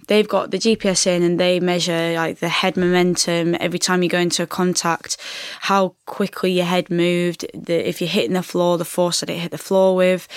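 A woman's voice: on the low side, smooth, no room sound, clean studio sound. A woman, chatting casually as an interview guest and often repeating herself with fillers. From England. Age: 20s. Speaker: rugby player guest.

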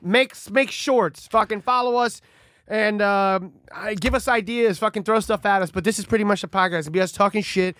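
Man, comedian co-host, high voice, excitable profane banter, dry recording. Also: normal speed, dry recording. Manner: profane, excitable, hyping plans. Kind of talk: crude casual podcast banter.

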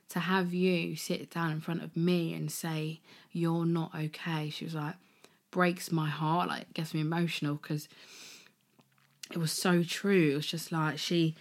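A young woman hosting a podcast, chatting casually and at times softly and emotionally about her own experience, with many fillers. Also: sits low. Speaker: podcast host. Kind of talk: casual personal storytelling.

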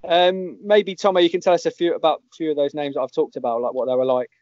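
A man hosting a casual chat, reading names off a list with pauses. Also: on the high side, fairly even intonation, darkish tone, no room sound, dull audio. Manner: reads names from a list, hesitant. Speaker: podcast host.

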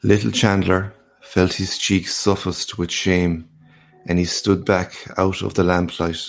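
A man narrating a classic short story aloud in a measured, unhurried way. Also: low voice, level tone, vocal fry.

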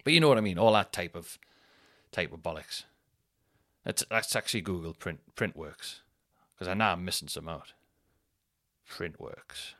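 A man's voice: low-pitched, lively intonation, moderate pace, long pauses, dry recording, clean studio sound. A man, rambling and swearing through a casual solo podcast chat. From North East England. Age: 30s. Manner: rambling and sweary, thinks out loud. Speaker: podcast host.

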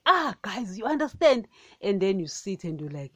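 A woman giving an informal spoken sermon on her podcast, animated and chatty, calling her listeners "guys" over and over and laughing now and then. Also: mid-range voice, normal speed, dry recording. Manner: animated, repeats "guys" constantly, laughs often. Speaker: podcast preacher.

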